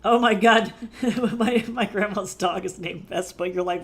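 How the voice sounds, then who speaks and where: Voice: mid-range voice, unhurried, fairly bright tone. An art livestreamer chatting loosely and swearing freely while drawing at a desk mic.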